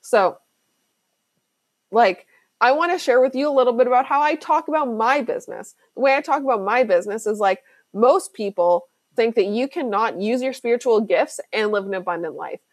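A chatty woman hosting her own podcast, talking business coaching in a loose, slangy way with lots of "like." Her voice sits a little high, and the sound is close and dry with no room around it. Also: lively intonation, moderate pace, no echo. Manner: chatty, fillers like "like", slangy and emphatic. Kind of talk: casual solo podcast talk.

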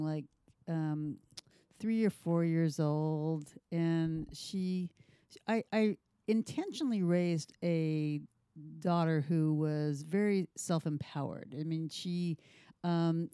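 An older woman guest speaking in a low, warm, smooth voice. She tells family stories thoughtfully, pausing on fillers. The sound is close and dry. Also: dry recording. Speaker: guest, mother of a host. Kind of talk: casual storytelling.

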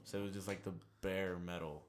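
A young man in casual chat with a friend, laid-back and often trailing off quietly. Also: sits low, steady tone, brisk, slight background noise.

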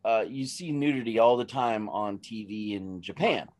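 A man's voice: on the low side, moderate pace, a little mellow. A man in a casual chat, chiming in with wry jokes and asides.

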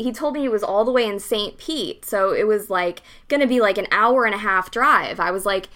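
A woman's voice: mid-range voice, animated, moderate pace, bright, forceful tone. A young woman bluntly recounting a personal story in a casual interview, candid and swearing freely. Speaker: interview guest.

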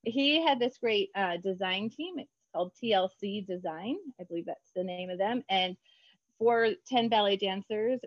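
A woman children's book author chatting in an interview, bubbly and quick to laugh. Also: mid-range voice, dry recording, muffled recording. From United States. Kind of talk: casual interview chat.

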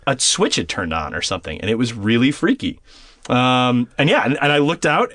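A man in his thirties chats casually as a podcast guest, telling his story with free swearing. His voice sits a little high and leaps all over the place. The sound is close and dry. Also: dry recording. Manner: animated, swears freely.

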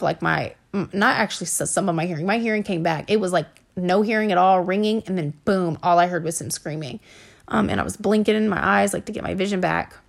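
Woman with heavy vocal fry, telling her story. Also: fairly low pitch. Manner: casual, halting, many fillers and swearing. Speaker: podcast host. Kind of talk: personal storytelling monologue.

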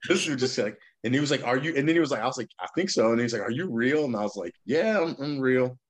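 Animated man telling a story. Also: mid-range voice, quick pace. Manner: animated storyteller, acts out quotes in a raised voice. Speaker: podcast co-host. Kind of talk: casual storytelling chat.

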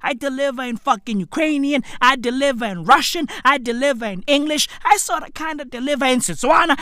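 High, swinging, slang-heavy woman podcaster. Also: a little fast, hardly any pauses. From Africa. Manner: excitable, swears a lot, slangy, laughs often; leaps between loud highs and low mutters. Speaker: podcast host. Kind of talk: profane comedic rant.

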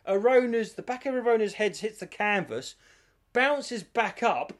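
A man co-hosting a podcast, telling stories in an animated casual chat and swearing freely. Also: high voice, a little slow. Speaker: podcast co-host.

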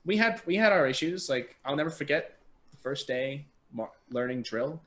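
Animated young man telling stories. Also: a little high, moderate pace. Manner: animated, swears freely, acts out quoted people. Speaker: podcast guest. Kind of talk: casual storytelling chat. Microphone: remote call mic.

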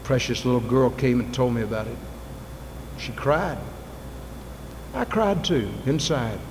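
A man preaching a sermon in a church, moving from soft, intimate asides to loud, fervent appeals. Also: medium pitch, lively intonation, unhurried. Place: church sanctuary. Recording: long reverb, faint ambient noise.

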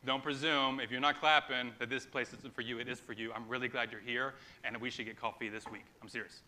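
Bright-voiced animated male pastor preaching. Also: medium pitch, a little fast. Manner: conversational, animated preaching with asides. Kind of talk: sermon.

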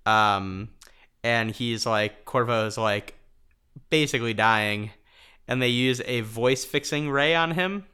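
A man co-hosting a podcast in casual chat, laughing often and filling pauses with ums. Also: medium pitch, pushed and bright, clear, resonant tone. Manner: chatty, laughs often, many fillers. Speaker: podcast co-host.

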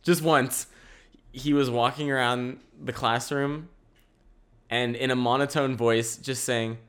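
A man's voice: mid-range voice, fairly even intonation, slow pace, a bit bright, clean tone. A young man hosting a casual solo podcast from home, rambling with restarts and swearing. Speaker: podcast host. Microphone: camera mic.

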